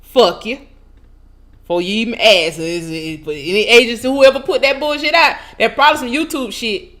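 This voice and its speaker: The channel host, a woman with a high, slightly bright voice, goes on a casual, profanity-laced rant to her vlog audience at a moderate pace. Openly incredulous, she breaks into laughter along the way.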